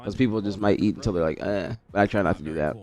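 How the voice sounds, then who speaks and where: A male streamer chats loosely through a watch party, rambling and calling out his viewers by name. His voice sits a little low and sounds congested from a recent cold. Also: fast, soft background music. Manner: relaxed, rambling, talks to chat by name. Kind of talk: casual stream chat reading chat messages.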